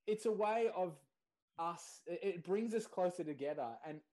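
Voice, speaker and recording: A man's voice: sits high, lively intonation, moderate pace, warm tone. A man with an Australian accent, a podcast guest telling his story candidly in casual conversation and laughing easily.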